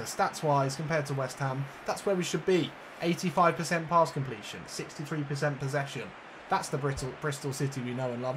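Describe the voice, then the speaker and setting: A man commentating on his own football video game match as host, getting excited at goals. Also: medium pitch, background noise. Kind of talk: let's play football commentary.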